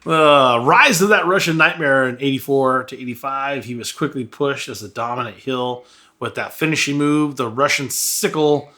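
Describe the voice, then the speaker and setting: A man hosts a casual podcast in a bright, forward voice. He jokes, laughs easily and keeps the conversation moving along. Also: mid-range voice, normal speed. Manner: laughs often, runs the segment. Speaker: podcast host.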